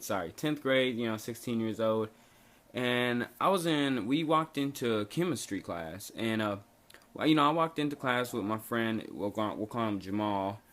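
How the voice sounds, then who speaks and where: A man's voice: medium pitch, fairly bright tone. A young man casually telling a story from his school days, rambling and slangy with lots of fillers and restarts. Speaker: storytelling vlogger.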